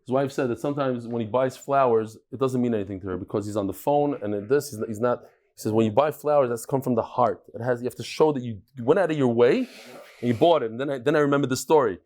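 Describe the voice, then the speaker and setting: A man's voice: mid-range voice, fast talker, darkish tone. A man teaching a Talmud class to a live room, telling stories and jokes in a chatty way. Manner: joking, storytelling, chatty with laughs. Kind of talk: daf yomi lecture with jokes and stories.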